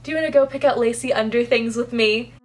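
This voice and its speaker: A woman quoting a brooding, teasing male love interest in a slower, lowered voice. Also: over music, close to an everyday voice.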